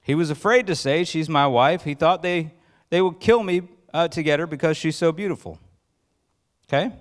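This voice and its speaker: A male pastor preaching a sermon in church, telling the story with lively acted-out voices and questions to the congregation. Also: normal speed. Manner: acts out quoted voices with rising pitch.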